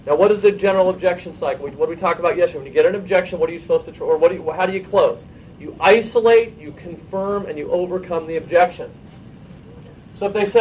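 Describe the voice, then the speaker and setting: High-voiced male sales trainer, distant mic. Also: dull audio, slight background noise. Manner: brisk, coaching, peppered with "okay?" and rhetorical questions. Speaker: sales manager training his team. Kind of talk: sales training talk to a room.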